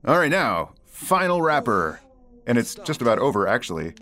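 A man's voice: medium pitch, normal speed. Guy hosting a chatty podcast, laughs a lot, voice bounces all over. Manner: lively, laughs often, many fillers. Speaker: podcast host. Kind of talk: casual chat.

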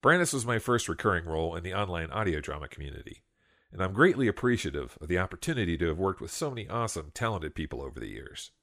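A man who is a voice actor, giving a polite, measured message of congratulations. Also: deep voice, sing-song, fairly bright tone.

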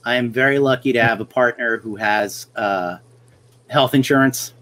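A man's voice: medium pitch, moderate pace, bright, forceful tone. A middle-aged man hosting a podcast, telling wry stories in casual chat and acting out the lines of people he quotes. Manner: wry storyteller who acts out quoted lines. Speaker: podcast host.

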